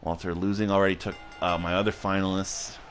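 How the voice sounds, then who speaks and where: A man's voice: sits low, flat delivery, brisk, soft background music. A man hosting a livestream, casually commentating a video game match, rambling and joking, laughing often and swearing, a little tipsy and punchy.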